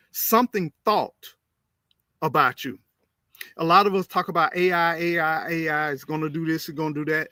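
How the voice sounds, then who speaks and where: A man hosting a casual livestream, reading viewer comments aloud and repeating phrases in an animated, preachy way. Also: fairly high pitch, no room sound, clean studio sound. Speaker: livestream host.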